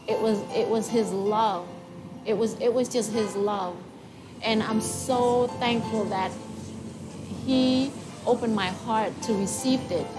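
A woman with a fairly high voice tells her personal faith testimony. She speaks in halting, emotional phrases and often restarts. Music plays clearly behind her. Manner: halting, emotional storytelling with repeats.

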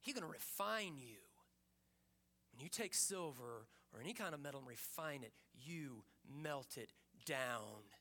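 A man preaching a sermon with passion, rising to urgent peaks and dropping to hushed, quiet stretches. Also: medium pitch, lively intonation, measured pace. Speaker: pastor.

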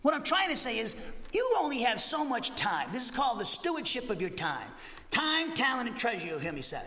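Animated Boston-accented pastor in his sixties. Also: very high-pitched, big-room sound, background noise. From Massachusetts. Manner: animated, conversational, with many restarts and asides. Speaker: pastor teaching a Bible class. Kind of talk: expository sermon lesson. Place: church sanctuary.

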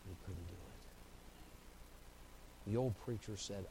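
A man preaching a sermon as pastor. He swings from hushed, slow lines to loud, driving buildups and repeats phrases in rising, rhythmic runs. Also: low voice, vocal fry, noisy background.

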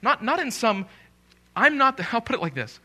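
With an extremely high, sing-song voice and a sharp tone, a man preaches live as a pastor in church. He jokes with the people in the pews and lingers slowly over repeated key phrases for emphasis.

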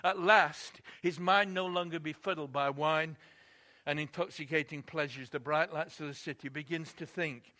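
A man's voice: on the high side, fairly even intonation, normal speed, sharp tone. A man preaching a sermon, telling a story expressively and building emphasis on key points.

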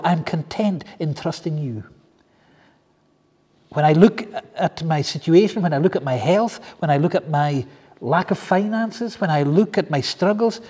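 Male preacher, fairly high pitch, husky and earnest, pleading sermon delivery, long hall echo. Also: dark tone. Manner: earnest, pleading, with many repeated phrases.

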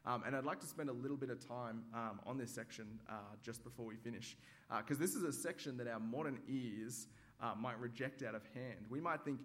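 A man preaching a sermon at a church service, measured and hesitant with frequent ums, acting out everyday examples. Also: medium pitch, a bit bright. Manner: demonstrative, acts out examples.

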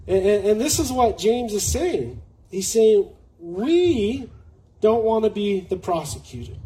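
A man preaching a sermon in an earnest way, slowing down to read scripture aloud and often restarting words. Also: high voice, mellow, slight background noise, rough recording.

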